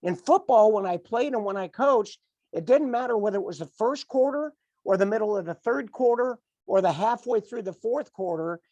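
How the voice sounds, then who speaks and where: A man's voice: sits high, lively intonation, moderate pace, mellow, no room sound, highs cut off. Fired-up middle-aged man coaching. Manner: emphatic, repetitive, fired-up. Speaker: team leader. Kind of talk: motivational coaching talk.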